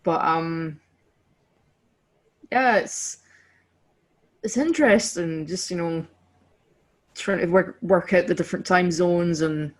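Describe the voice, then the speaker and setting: A woman's voice: lowish voice, slow, pauses often. A woman with a Scottish accent co-hosting a podcast, chatting casually with lots of fillers and self-deprecating laughs. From Scotland. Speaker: podcast co-host. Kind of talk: casual chat.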